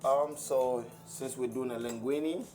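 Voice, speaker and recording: A man's voice: medium pitch, fairly even intonation, takes it slowly, darkish tone, soft background music. A man with an American accent, a guest chef chatting casually in a TV studio, laid-back and easygoing. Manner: laid-back, easygoing, says "you know" a lot. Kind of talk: casual chat while cooking.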